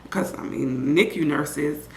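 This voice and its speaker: A young woman tells her own story in a loose, chatty vlog style. She is animated and often slips into other people's voices as she tells it. Her voice rings in an echoey room, with a faint hum of ambient noise behind her. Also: low-pitched, unhurried.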